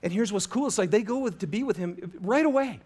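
Pastor, male, higher-pitched voice, animated sermon delivery that swings from loud emphasis to near-hushed lines. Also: fast talker. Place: church auditorium with a congregation.

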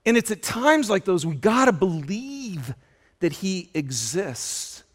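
Male pastor, high voice, animated sermon storyteller who shouts out quoted lines. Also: takes it slowly. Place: auditorium.

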